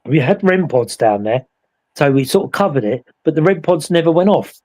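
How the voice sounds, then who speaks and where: A man recounting a ghost investigation in casual chat, acting out the voices in his story with animated energy. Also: fairly high pitch, moderate pace. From England. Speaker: paranormal investigator.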